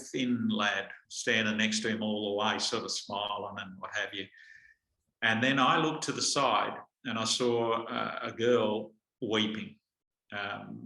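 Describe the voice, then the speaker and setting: A lower-pitched man tells his stories with a bright, forceful edge and lots of restarts along the way. He talks casually, full of fillers. His voice bounces around an echoey room. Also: creaky. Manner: animated anecdotes with frequent fillers and restarts. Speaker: guest speaker. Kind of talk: conversational storytelling.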